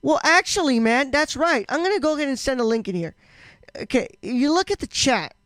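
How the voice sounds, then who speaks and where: A man's voice: extremely high pitch, lively intonation, a little fast, fairly bright tone, no room sound. A man co-hosting a casual live-stream podcast, rambling with lots of fillers and restarts. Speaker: podcast co-host.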